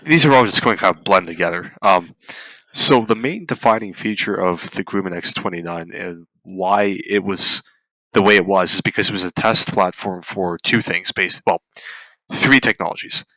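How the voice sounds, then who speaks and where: A man on a podcast, presenting a topic from slides in a relaxed way. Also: deep voice, moderate pace, no room sound, poor audio. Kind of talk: casual chat, presenting a topic.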